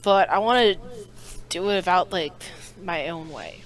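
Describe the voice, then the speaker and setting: A woman's voice: lowish voice, measured pace, rough recording. A woman chatting casually and jokingly on a game stream, rambling with lots of fillers. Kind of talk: casual chat over voice call.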